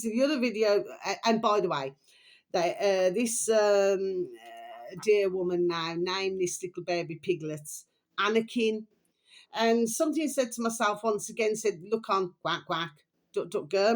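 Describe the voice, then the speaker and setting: A woman talking casually to her viewers. She rambles and keeps repeating her pet phrases, and her voice sits a little low, then rises for bright bits and sinks into quiet muttered asides. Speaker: video recommendation vlogger. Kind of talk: rambling casual vlog chat.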